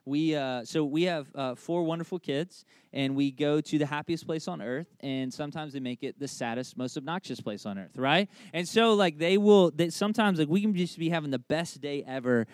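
Chatty, slightly high-voiced preacher man. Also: moderate pace, few pauses, no echo. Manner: conversational, with humorous family anecdotes and frequent "like"; emphatic, repeating key phrases. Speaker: pastor. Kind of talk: sermon.

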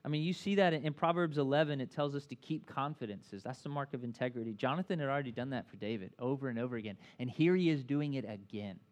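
A man preaching a conversational sermon as pastor, animated and full of asides, often checking in with "right?". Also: mid-range voice, quick pace, few pauses.

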